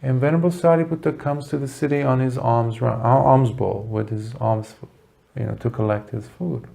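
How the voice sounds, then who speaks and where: A man giving a Buddhist dharma talk, telling a story earnestly with dramatic pauses. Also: medium pitch, steady tone, creaky, dark tone. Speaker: Buddhist teacher.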